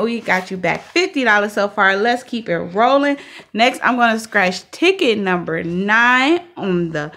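A woman co-hosting a lottery ticket scratching video, talking casually and breaking into loud cheers. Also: medium pitch, animated, measured pace, a little hiss or hum. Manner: upbeat, bursts into loud cheers. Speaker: channel co-host.

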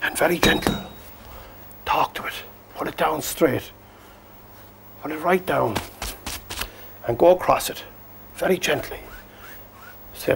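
A man, his voice a touch high and gravelly with fry. He walks through a painting demonstration in a gentle, coaxing way. There is a faint hiss of noise behind him. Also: slow, long pauses. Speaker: painting instructor.

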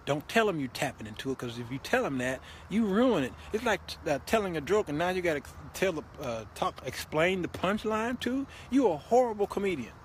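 A man hosting a show, giving comic relationship advice in an animated, laughing, preachy way. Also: high-pitched, a little fast, few pauses, slight background noise. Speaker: host. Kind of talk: comedic relationship advice monologue.

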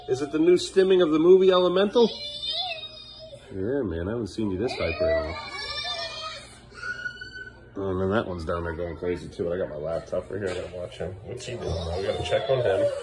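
A man's voice: fairly low pitch, background noise. A man filming his kids at home for a vlog, laughing at them and scolding them in turn. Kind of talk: casual home vlog narration.

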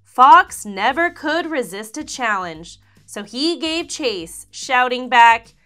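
Bright, lively kids' storyteller woman, high voice, faint music under her. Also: slow, few pauses. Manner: animated, expressive, sing-song. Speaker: children's storyteller. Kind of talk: read-aloud for kids.

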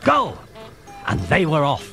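A man's voice: medium pitch, moderate pace. A man narrating a children's railway storybook. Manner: lively, expressive storytelling. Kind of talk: storybook reading. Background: music.

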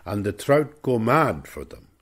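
A man's voice: fairly low pitch, very animated, a little slow, a bit bright, pitched above the performer's own voice, full character voice. A man voicing a chatty old countryman with a Cavan accent, wistfully recalling fishing lore.

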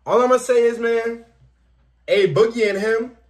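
A reaction channel host with a very high voice talks unhurriedly through a music reaction video. Laid-back and casual, he keeps calling everyone "man" and "bro" and raps along with the track.

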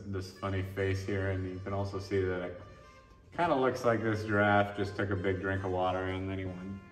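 A man with a mixed Australian and New Zealand accent gives a relaxed, rambling tour of his own paintings in a gallery inside a historic house, musing as he walks and talks, with fillers and restarts. His voice is on the low side, and the recording sounds roomy and distant with faint music behind.

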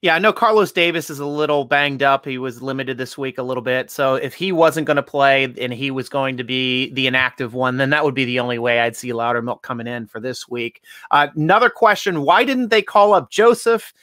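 A man's voice: mid-range voice, a little fast, hardly any pauses, sharp tone, no echo, clean studio sound. A man hosting a casual sports chat, easygoing, laughing often and reading out fan questions. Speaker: host.

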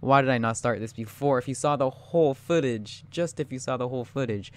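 A young man giving live gameplay commentary, excitable and panicky, talking straight to his viewers. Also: mid-range voice, a little fast, hardly any pauses, clear, resonant tone. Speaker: gaming YouTuber.

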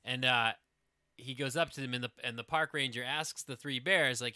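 A man's voice: mid-range voice, steady tone, moderate pace, sharp tone, no echo, clean studio sound. A man hosting a casual gaming livestream, rambling through a goofy story with laughs. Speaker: livestream host. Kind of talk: casual gaming stream chat.

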